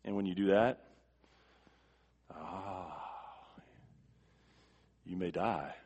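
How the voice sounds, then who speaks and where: A man's voice: deep voice, extremely slow. Man preaching with emphatic repetitions. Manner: emphatic preaching with repeated words, swinging from quiet to forceful. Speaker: pastor. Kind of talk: sermon.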